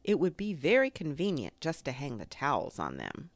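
A woman's voice: low-pitched, wildly swooping pitch, dry recording, heavily acted. A woman reading aloud, voicing a fussy, bossy male rabbit who speaks sternly and matter-of-factly. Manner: brisk and stern, matter-of-fact. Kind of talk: storybook reading.

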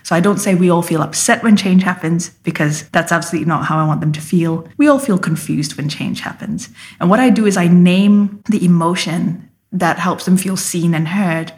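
A woman's voice: lowish voice, moderate pace, few pauses, a little mellow. A woman leadership coach speaking as an interview guest, explaining emphatically and acting out example phrases.

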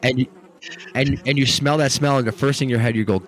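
A male podcast co-host, a former police canine handler, telling a story in a relaxed, unhurried way in casual chat. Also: mid-range voice, a crowd in the background.

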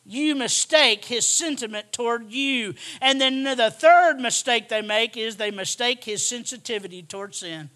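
High, bright-voiced male preacher. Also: unhurried, hardly any pauses. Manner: emphatic, repeats lines, swings from hushed to shouting. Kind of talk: sermon.

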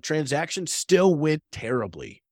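A man's voice: a little high, very animated, unhurried, no room sound, studio quality. A man in his thirties, a real estate agent co-hosting a faith-based business podcast, telling a story earnestly and often tagging his sentences with "right?".

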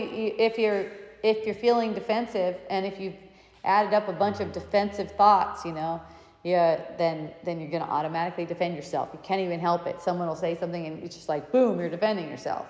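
A woman's voice: lowish voice, fairly quick. Chatty woman talking in an echoey hall. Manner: animated and chatty, with frequent restarts and laughs. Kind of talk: reflective spiritual talk with personal anecdotes.

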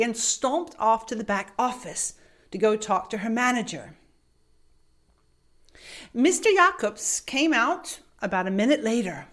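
A woman from the United States telling a personal story as a motivational speaker, animated and vivid, laughing as she goes. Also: fairly high pitch. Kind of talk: storytelling talk.

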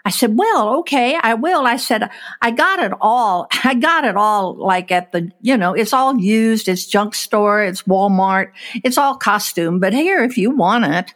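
Woman storyteller, lively, voices the quotes in her story, casual chat. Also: medium pitch, a little slow. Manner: animated storyteller, acts out quotes, laughs while telling. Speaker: storyteller guest.

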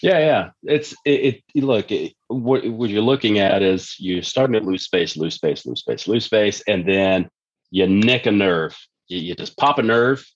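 Blunt, profane low-voiced man. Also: animated, measured pace, highs cut off. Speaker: strength coach guest. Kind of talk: casual podcast chat.

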